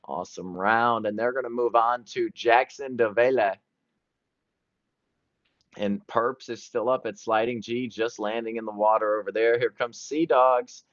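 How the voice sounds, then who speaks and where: Excited male play-by-play commentator. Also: mid-range voice, measured pace, no echo, muffled recording. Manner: excited, jumping between events. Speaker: sports commentator.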